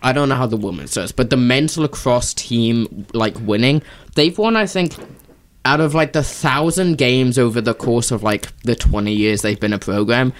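A man's voice: mid-range voice, moderate pace. A young man co-hosting a college radio show, chatting casually and complaining in an exasperated, rambling way. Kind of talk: casual chat.

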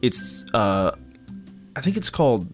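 A man's voice: fairly low pitch, very animated, unhurried, faint music behind. A man co-hosting a casual podcast chat, rambling and searching for words, often laughing. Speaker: podcast co-host.

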